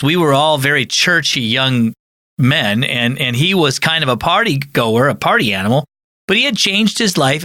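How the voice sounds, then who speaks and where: A man's voice: on the high side, pushed and bright, dry recording, studio quality. A man who is a pastor and podcast host, giving an earnest, conversational teaching talk.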